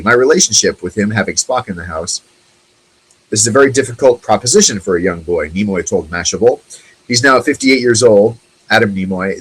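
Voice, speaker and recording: Low, husky-voiced rambling male host. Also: rough recording. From United States. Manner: rambling, chatty, with many fillers and restarts. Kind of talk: casual solo talk show monologue.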